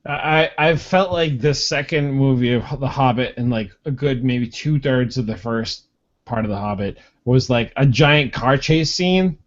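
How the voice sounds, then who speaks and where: A man with an ordinary mid-pitched voice co-hosts a casual podcast. He talks in an easygoing, rambling way. The audio is dull and lo-fi. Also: measured pace. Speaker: podcast co-host. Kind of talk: casual chat.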